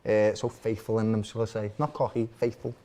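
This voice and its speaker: A man, co-hosting a live football watch-along and reacting excitably to the match. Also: fairly low pitch, brisk. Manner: excitable, shouts and laughs at goals.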